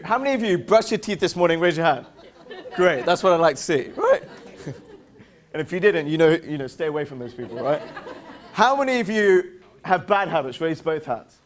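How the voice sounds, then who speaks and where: A man with an English accent giving an interactive motivational seminar, upbeat and playful, drilling his audience with call-and-response questions and teasing jokes. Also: sits high. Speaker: seminar presenter.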